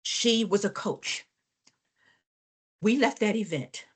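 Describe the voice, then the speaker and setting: A woman's voice: mid-range voice, slow pace, husky. A woman trainer giving a live business workshop, telling stories with emphasis, repeating phrases and speaking directly to the class. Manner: animated, emphatic storyteller addressing the class.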